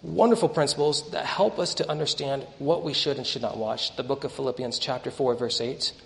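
A young man preaching a sermon to a congregation, telling stories and acting out the dialogue with lively energy. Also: mid-range voice, a little fast, vocal fry, a little hiss or hum. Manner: animated storytelling, acts out dialogue. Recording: echoey hall.

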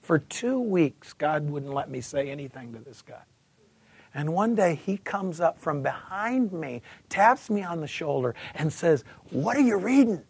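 A husky, high-voiced man in his fifties delivers a testimony sermon. He tells his story with animation, stumbling over repeated words and switching into other voices. The sound is dry and close. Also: big pitch swings, a little slow, a little mellow, no room sound. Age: 50s. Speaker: preacher giving testimony.

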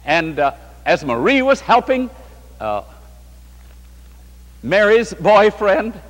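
A man's voice: high-pitched, very animated, takes it slowly. Male preacher from new york state, big swooping voice, echoey hall sermon. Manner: fervent, rising and falling preaching. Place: large hall before a congregation.

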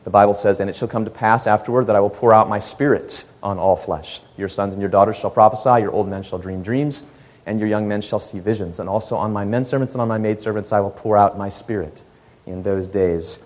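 Low-voiced man preaching in a reverberant hall. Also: brisk. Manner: storytelling, animated rises and quiet asides. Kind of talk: sermon.

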